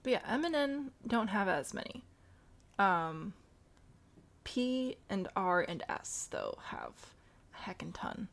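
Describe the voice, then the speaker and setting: A woman's voice: mid-range voice, lively intonation, slow pace, creaky, long pauses. A woman chatting casually through a zoo-building game, thinking aloud and talking back to the animals. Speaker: game streamer. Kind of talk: casual let's-play commentary.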